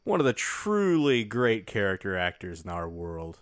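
A man's voice: lowish voice, big pitch swings, moderate pace. A man co-hosting a podcast in casual chat, joking around and laughing often. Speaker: podcast co-host.

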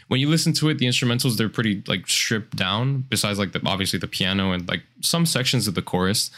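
Low-voiced man hosting a music podcast. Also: a bit bright. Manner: loose, filler-heavy, swears casually. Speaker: podcast host. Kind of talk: casual music review chat.

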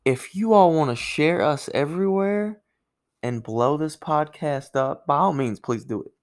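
A man's voice: on the high side, a little slow. A young man co-hosting a casual podcast, upbeat and chatty, apologizing to listeners. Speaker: podcast co-host. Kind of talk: casual chat. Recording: guitar music behind.

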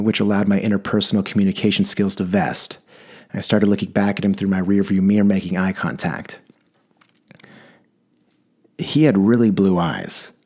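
A rideshare driver, a man with a lowish, somewhat dark voice, tells a wry personal story about one of his passengers. His delivery stays dry throughout.

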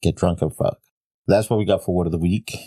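A man's voice: low voice, a little fast, mellow, no echo, clean studio sound. A middle-aged man co-hosting a podcast in casual chat, swearing freely and laughing often. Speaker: podcast co-host.

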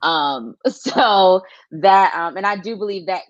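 A woman's voice: medium pitch, takes it slowly, dry recording, lo-fi sound. A woman guest on a casual faith podcast, talking in a frank, joking, emphatic way.

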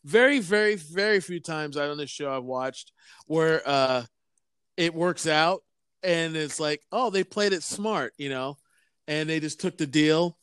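A man's voice: on the high side, unhurried, fairly bright tone, clean tone, no echo. A man co-hosting a casual podcast, telling a rambling story full of fillers and restarts. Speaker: podcast co-host.

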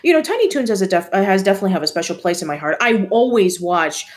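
A woman's voice: mid-range voice, expressive, fast. Chatty woman co-hosting a podcast. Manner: chatty, with fillers and restarts. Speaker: podcast co-host. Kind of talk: casual chat.

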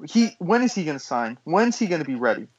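A young man co-hosting a sports podcast, asking quick, teasing questions in a casual way. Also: fairly high pitch, big pitch swings, slightly rough. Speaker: podcast co-host. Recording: dull lo-fi sound.

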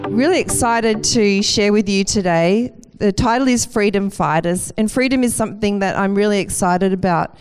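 A woman's voice: medium pitch, normal speed, hardly any pauses, a little mellow, clear, resonant tone, faint music behind. Enthusiastic woman preaching a sermon. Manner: enthusiastic, lightly self-deprecating.

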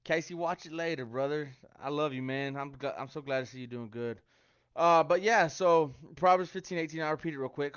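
A man's voice: on the high side, a little fast, fairly bright tone, clear, resonant tone, no room sound. A man giving a casual devotional talk to online viewers, chatty and joking between scripture quotes. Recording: dry, dull lo-fi sound.

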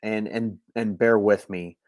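A man's voice: on the low side, steady tone, measured pace, no room sound. A young man hosting a late-night live stream from home, keeping his voice down so he won't wake the household, rambling and repeating himself as a frustrated fan. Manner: hushed voice to avoid waking people.

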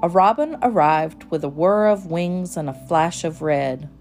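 A woman reading a children's storybook aloud in a gentle, measured voice. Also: fairly low pitch, expressive, faint music behind. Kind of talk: storybook read-aloud narration.

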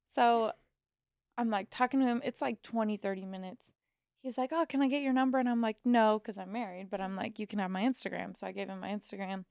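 Young woman co-host from Missouri, chatty storyteller with a raspy fry, dry studio sound. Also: mid-range voice, steady tone, a little fast, a little mellow, dry recording. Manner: chatty storyteller, acts out quotes, swears freely. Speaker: podcast co-host. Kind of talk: casual chat.

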